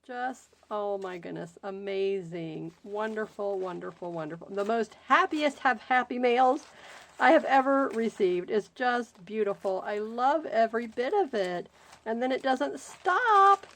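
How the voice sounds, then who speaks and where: A woman's voice: fairly high pitch, animated, fairly bright tone. A woman hosting a crafting video, casually chatting as she unboxes gifts and gushes over each one. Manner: gushing, exclaims often, slow drawn-out delight. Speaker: crafting channel host. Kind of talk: unboxing happy mail, casual chat.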